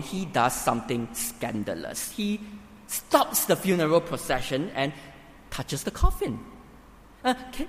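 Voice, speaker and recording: A man preaching a sermon in a church hall, emphatic and building to forceful peaks. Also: high voice, a little hiss or hum. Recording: reverberant hall, faint ambience.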